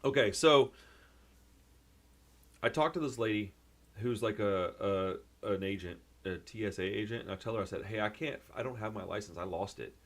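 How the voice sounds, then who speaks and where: A young man telling a rambling, excitable story in a casual vlog, full of fillers and restarts. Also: fairly low pitch. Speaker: vlogger.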